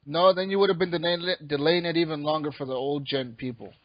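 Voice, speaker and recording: A man's voice: a little high, fast, dry recording. A man co-hosting a casual gaming podcast, brash and swearing as he argues. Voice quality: brash, swearing, animated arguing. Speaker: podcast co-host. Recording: dull lo-fi dry sound.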